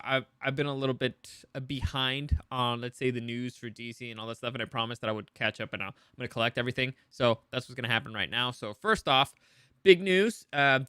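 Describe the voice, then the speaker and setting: A man's voice: mid-range voice, pushed and bright, clear, resonant tone, no room sound, studio quality. A man hosting a casual entertainment news show, rambling with many restarts and opinionated asides.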